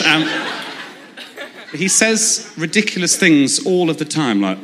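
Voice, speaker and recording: A man, doing a stand-up comedy set in a deadpan storytelling style with sudden high outbursts. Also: normal speed, a little hiss or hum. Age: 20s. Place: comedy club stage. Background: audience laughter.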